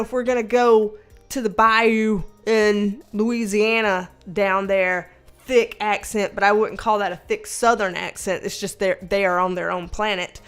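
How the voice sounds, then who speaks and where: A woman's voice: fairly high pitch, a bit bright. A young woman hosting a casual livestream, reading viewer comments aloud, chatty, laughing often and swearing now and then. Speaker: livestream host reading chat. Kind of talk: casual chat.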